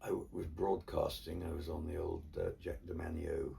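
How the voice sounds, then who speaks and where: A man's voice: a bass voice, steady tone, moderate pace, gravelly, warm tone. An older man from Cornwall, an artist and ventriloquist, telling stories in a theatrical, wry way during a casual chat. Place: indoors in his home studio. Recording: distant mic, faint room ambience.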